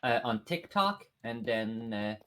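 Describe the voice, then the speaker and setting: A man chatting casually over voice chat while gaming, halting often with filler sounds. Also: medium pitch, big pitch swings, bright, forceful tone. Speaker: friend on voice chat.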